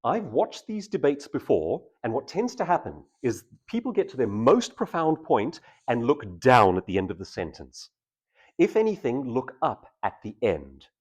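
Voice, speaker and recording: A husky-voiced man teaches public speaking to a live audience in a room. His pitch leaps around wildly as he swings between intense and easygoing delivery, and his tone stays mid-pitched and slightly rough throughout. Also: moderate pace. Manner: animated, shifting between intense and casual delivery. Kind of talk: live workshop talk to an audience.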